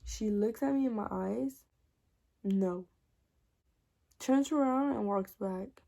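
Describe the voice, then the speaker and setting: A woman's voice: medium pitch, slow, creaky. A young woman telling a personal story in a casual, profane vlog, acting out what everyone said. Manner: animated, profane, acts out dialogue.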